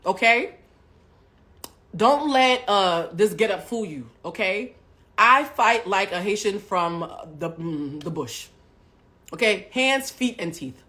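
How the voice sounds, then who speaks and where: A woman hosting a live stream, telling a personal story to her chat with lots of swearing. She drops to hushed asides, then bursts out loud. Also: medium pitch, lively intonation, slow pace. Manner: profane, swings between hushed asides and loud outbursts; talks directly to live chat.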